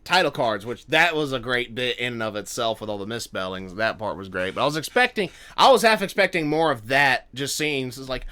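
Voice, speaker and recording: A man's voice: medium pitch, expressive, a little fast, hardly any pauses, pushed and bright. A tired man hosting a casual reaction video, rambling and trailing off as he reacts.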